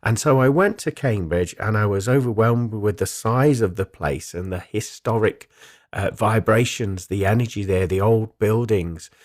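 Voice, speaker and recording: A man, a spiritual medium hosting a radio show, calmly recounts his travels in a reflective way with frequent ums. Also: lowish voice, moderate pace, dry recording, clean studio sound. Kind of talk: solo radio talk, personal storytelling.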